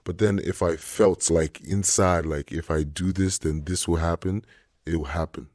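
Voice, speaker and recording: A man's voice: deep voice, fairly even intonation, moderate pace, a little mellow, no echo, clean studio sound. A young man, a DJ, telling stories in a laid-back casual chat full of slang. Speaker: DJ guest.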